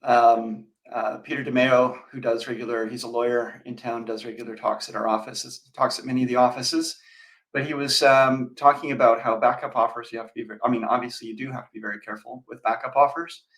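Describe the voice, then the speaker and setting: A man's voice: medium pitch, fairly even intonation, brisk, a bit bright, rough recording. A man co-hosting a real estate show in casual chat, rambling with fillers and restarts. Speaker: real estate agent, co-host.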